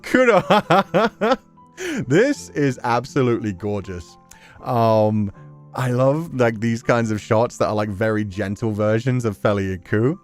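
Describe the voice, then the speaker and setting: A man's voice: medium pitch, lively intonation, a little slow, a little mellow, soft background music. A man chatting casually on a live stream, reacting to fan art and laughing often.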